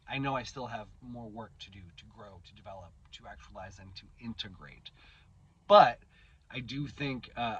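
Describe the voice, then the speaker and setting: A man's voice: mid-range voice, fairly bright tone, husky, dull audio. A man in his thirties hosting his own channel, talking through a candid personal monologue, swearing casually and often restarting his sentences. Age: 30s. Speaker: channel host.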